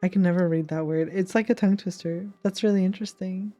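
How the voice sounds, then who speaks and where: A woman's voice: fairly low pitch, fairly even intonation, fast, few pauses, mellow, faint music behind. A woman in her twenties casually and emotionally reacting to a game as a streamer, chatty and stumbling over names.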